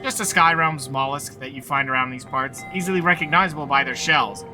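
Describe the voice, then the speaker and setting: A man's voice: mid-range voice, fairly quick, over music, natural voice. A man reading aloud the lines of a nervous, fussy woman village mayor from a video game, flustered and overly polite.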